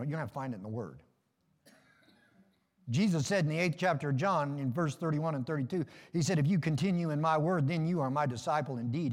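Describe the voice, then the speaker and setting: Folksy preacher in a reverberant hall. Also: male voice, fairly high pitch. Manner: folksy, joking preaching with call-and-response amens. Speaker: pastor. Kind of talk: sermon.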